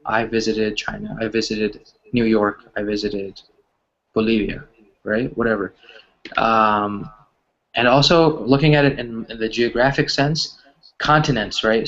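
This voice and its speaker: A man's voice: on the low side, fairly bright tone. A man teaching an English grammar class over a video call, explaining patiently and asking "right?" after almost every point. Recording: slightly dull video call audio.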